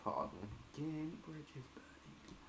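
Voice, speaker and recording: A man's voice: fairly high pitch, big pitch swings, slow, reverberant, background noise. A man hosting a casual live stream, reading viewer messages aloud and answering them.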